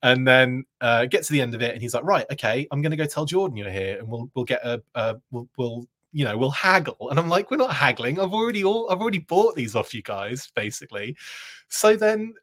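A man hosting his own live show, spinning a long, rambling anecdote. His pitch climbs and dips all over the place as he gets caught up in the story. He laughs often and keeps restarting his sentences. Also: expressive, fairly quick, fairly bright tone. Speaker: host.

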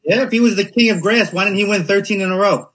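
A man's voice: high-pitched, quick pace, a bit bright, low-quality recording. A man in a heated sports debate, arguing insistently, talking over the other speaker and repeating his points.

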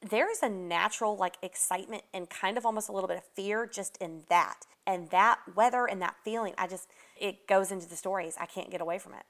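A woman from Atlanta, chatting as an author guest in a casual interview, animated and quick to laugh. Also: mid-range voice. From Atlanta, Georgia. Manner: animated, laughs often, restarts words.

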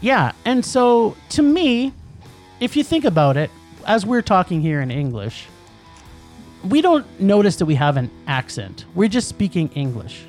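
A man co-hosting a podcast, ranting about movies in an animated way and laughing often. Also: sits high, measured pace, faint music behind. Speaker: podcast co-host. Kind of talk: casual podcast movie rant.

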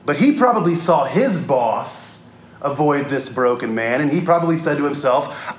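A man preaching a sermon, telling a story with lively shifts and acting out quoted voices. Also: fairly high pitch, moderate pace. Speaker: pastor.

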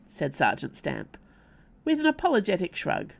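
A woman reading her own novella aloud as narrator, in an expressive storytelling manner. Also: low-pitched, measured pace, vocal fry. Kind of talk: scripted narration.

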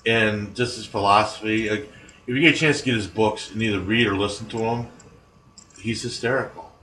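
Male podcast host, low relaxed voice, roomy echo and faint noise behind. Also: a little fast, distant mic. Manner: relaxed, short affirmations while listening. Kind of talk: casual podcast chat.

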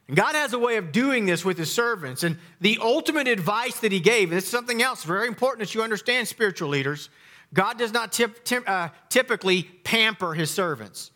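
A middle-aged man preaching a sermon as a pastor, emphatic, with dramatic pauses and sudden quiet drops. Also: high-pitched, animated.

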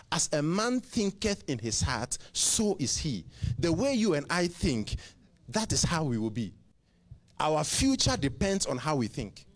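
A man preaching with a raised voice that swings widely in pitch. He keeps asking his listeners rhetorical questions, repeating words and starting over as he drives his sermon along.

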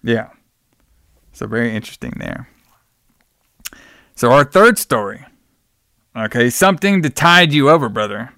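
Male podcast host, smooth clear voice, dry close sound, loose chatty plot recap. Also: mid-range voice, lively intonation, a little slow, long pauses, pushed and bright, dry recording. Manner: loose retelling, acts out quotes in plain voice, calls cohost brother. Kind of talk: casual movie recap chat.

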